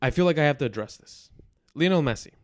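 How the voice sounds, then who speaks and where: A man's voice: on the high side, lively intonation, fast talker, no echo, clean studio sound. A man in his twenties hosting a football podcast, bluntly venting his frustration and repeating points for emphasis. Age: 20s. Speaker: podcast host. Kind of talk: football commentary monologue.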